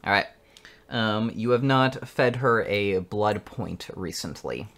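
A man narrating as game master of a tabletop game, unhurried and often laughing. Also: fairly low pitch, fairly bright tone.

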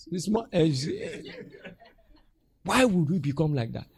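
Nigerian English, man, pastor, sermon, animated, high-pitched, dry sound. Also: normal speed, gravelly, pauses often, husky, no room sound. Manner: animated, acts out church members' voices with laughter.

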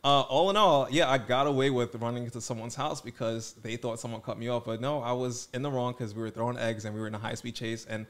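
Casting: young male podcast co-host, mid-pitched, lively storyteller, playful. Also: fast talker, few pauses. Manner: animated storyteller, playful and defensive. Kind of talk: casual chat.

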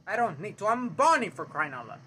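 High, jumpy man yelling over a game. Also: big pitch swings, fairly quick, slight background noise. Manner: yelps, jokes and mock-dramatic outbursts at the game. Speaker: let's play host. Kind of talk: excitable gameplay commentary.

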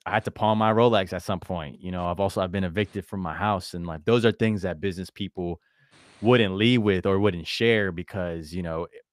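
A man's voice: deep voice, fairly quick, no room sound, clean studio sound. A man coaching on brand and content in a laid-back, encouraging way, calling the other person "bro" and "man". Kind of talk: casual coaching conversation.

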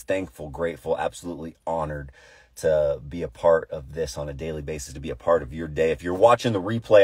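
A man pastoring a live morning devotional from inside a car, chatty and upbeat before turning to hushed, earnest prayer. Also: deep voice, husky, no room sound, studio quality.

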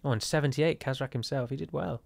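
A man's voice: mid-range voice, fast, vocal fry. Chatty English man narrating a strategy game. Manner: chatty, wry, rambling asides. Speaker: gameplay commentator. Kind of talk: casual let's-play commentary.

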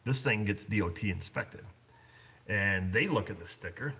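A man's voice: lowish voice, moderate pace, noisy background. A blunt man running a repair shop, chatting casually on a livestream and rambling with lots of fillers. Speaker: auto shop owner.

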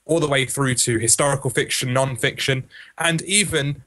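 A man's voice: medium pitch, normal speed, bright, forceful tone. A man co-hosting a casual podcast, breezy and enthusiastic as he talks up a sponsor. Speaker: co-host. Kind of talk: casual podcast chat, reading an ad.

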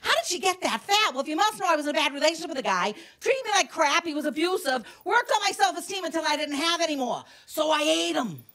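A woman's voice: sits high, very animated, quick pace, hardly any pauses, fairly bright tone. A woman comedian doing a brash, self-mocking stand-up routine in a small studio, teasing the audience. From United States.

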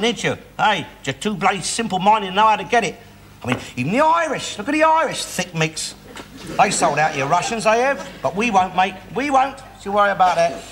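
Ranting bigot. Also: male voice, high voice. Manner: ranting, bellowing, sneering. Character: loud, bigoted, blustering working-class father. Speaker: sitcom character. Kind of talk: 1960s TV sitcom acting. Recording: hissy old TV recording.

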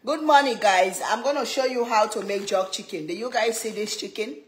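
Woman, cooking-show host, bright higher voice, echoey kitchen room. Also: brisk. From Sierra Leone. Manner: chatty, laughing, greets viewers by name. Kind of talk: casual live chat with viewers.

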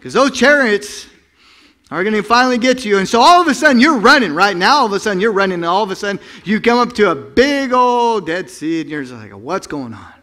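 Animated high-voiced man preaching. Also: a little fast. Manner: animated storytelling, acts out voices and sound effects; swings from loud bursts to hushed low tones. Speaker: pastor. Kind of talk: sermon.

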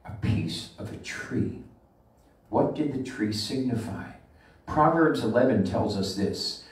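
A man preaching a sermon as a rabbi, pressing hard on his points and drawing the scripture out slowly for weight. His voice sits at a middle pitch and rings through a very echoey sanctuary. He stands some distance from the microphone. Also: animated. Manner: emphatic preaching, slows and swells on scripture. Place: synagogue sanctuary. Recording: echoey room from far off the mic.

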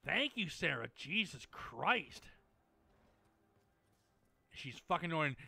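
A man's voice: on the high side, very animated, slow, creaky, pauses often, bright, forceful tone, slightly rough, dry recording. Cranky swearing gamer man. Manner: irritated, profane, talks back to the game. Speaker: gamer streamer. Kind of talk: profane gameplay commentary.

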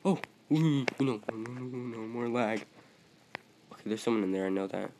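A man commenting on his own gameplay as he plays, excitable, yelping at other players one moment and muttering to himself the next. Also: medium pitch, normal speed, slight background noise, poor audio. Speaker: gaming video creator.

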